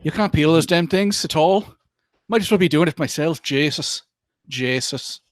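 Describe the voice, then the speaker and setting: A man voicing a grumbling Newfoundland man who is peeling potatoes and muttering gruff complaints. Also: fairly high pitch, moderate pace, dry recording, clean studio sound, close to an everyday voice.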